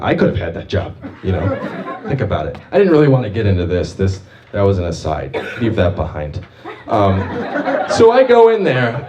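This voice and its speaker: Animated man doing stand-up. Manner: animated, jumpy storytelling with big pitch swings. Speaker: stand-up comic. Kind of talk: stand-up set at an open mic. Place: small open mic venue. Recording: distant mic with audible noise.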